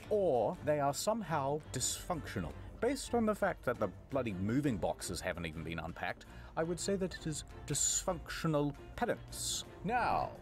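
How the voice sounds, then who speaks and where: Man playing pompous mock detective. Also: a little high. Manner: pompous mock-Sherlock deductions. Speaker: comedy co-host. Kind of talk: mock-detective banter over a game.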